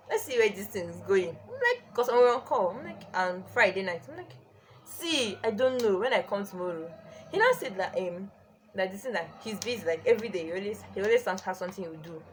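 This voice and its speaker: A young woman telling a storytime on her vlog, chatty and animated with many "like"s. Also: mid-range voice, slight background noise. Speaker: vlogger.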